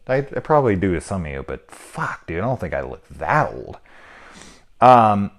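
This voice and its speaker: A man's voice: deep voice, sing-song, normal speed. A man in his thirties giving a casual, rambling movie review, full of swearing and sarcastic asides. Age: 30s.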